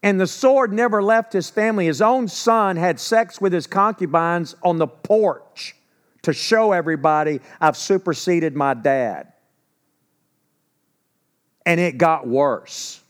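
A male preacher with a slightly high voice delivers his sermon in a loose, conversational way. He asks rhetorical questions and answers them himself. He acts out people's words in a casual, everyday voice. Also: measured pace, clean tone. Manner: acts out quoted speech in a casual voice. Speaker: pastor.

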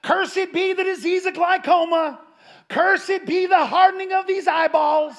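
A man imitating a faith-healing preacher who shouts and curses a blindness out of a woman, in a gravelly, drawn-out revival cadence. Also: very high voice, fairly even intonation, voice pushed up, full character voice. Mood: fervent shouting.

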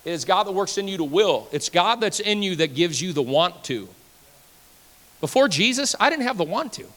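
A high-pitched man preaching from the pulpit of a church, his voice ringing with a long hall reverb. He repeats phrases emphatically, rising to loud declarations, then dropping to near-hushed asides. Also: very animated, moderate pace. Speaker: pastor. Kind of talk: sermon. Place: church sanctuary.

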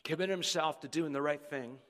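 A man's voice: on the high side, a little fast, a bit bright. A male pastor preaching a sermon with emphatic delivery, often repeating words as he drives his points home. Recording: long reverb in a large hall.

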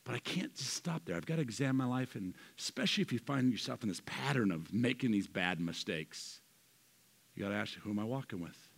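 A man preaching as pastor of a church, swinging from loud emphatic lines to soft quiet asides. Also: medium pitch, animated, brisk, vocal fry, husky. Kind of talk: sermon.

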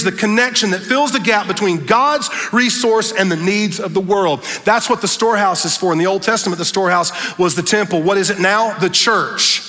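A male pastor preaches with a high, bright, ringing voice that climbs into shouts on his key words. His sermon rolls out in a fervent preacher's cadence. A long reverb hangs behind him, as from a big church hall. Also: moderate pace, hardly any pauses. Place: large church stage.

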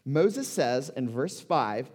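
A man's voice: mid-range voice, sing-song, slow, a little mellow. A man in his forties preaching a sermon, conversational and emphatic, asking rhetorical questions. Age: 40s. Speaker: pastor. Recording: long reverb of a large hall.

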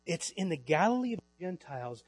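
High-voiced pastor preaching with sweeping dynamics. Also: male voice, very animated, breathy edge, dry recording. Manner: preaching with swings between loud emphasis and quiet, drawn-out lines. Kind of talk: sermon. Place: church.

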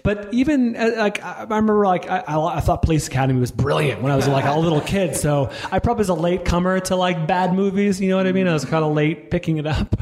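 Talkative forties male host with a slightly high voice who keeps restarting his sentences. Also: fast, hardly any pauses, darkish tone. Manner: rambling, self-interrupting, lots of restarts. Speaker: podcast host. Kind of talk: casual chat.

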